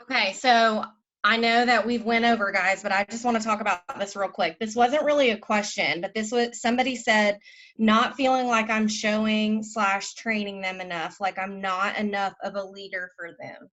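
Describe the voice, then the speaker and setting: A woman leading a group call, giving a fervent, preachy pep talk that swings between loud and soft. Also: mid-range voice, fairly even intonation, normal speed, dull audio. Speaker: team leader on a group call.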